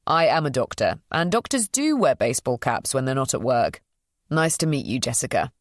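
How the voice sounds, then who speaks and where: A woman voicing Luke, a friendly, easygoing young doctor who is curious and polite and talks gently. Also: medium pitch, big pitch swings, brisk, no room sound, clean studio sound, voice pushed down, close to an everyday voice. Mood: gentle.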